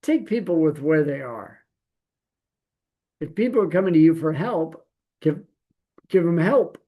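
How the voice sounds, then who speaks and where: Middle-aged male Torah teacher, gravelly, animated sermon delivery, slips into quoted voices. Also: on the high side, a little slow.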